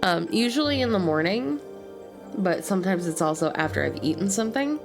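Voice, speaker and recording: A woman streamer with a slight lisp chatting casually with viewers during a game stream, making quick apologetic asides. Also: medium pitch, expressive. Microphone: desk mic near keyboard. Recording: stream with clear music behind.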